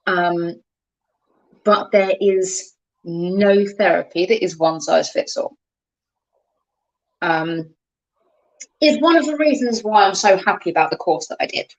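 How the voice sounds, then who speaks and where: A woman's voice: medium pitch, slow, long pauses, muffled recording. Woman in casual chat, explains stuff, acts out the voice in her head.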